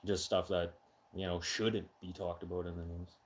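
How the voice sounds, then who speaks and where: A middle-aged man hosting a casual live chat, talking loudly and with heavy emphasis, getting excitable when he has an opinion. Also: low voice, moderate pace. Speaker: live stream host.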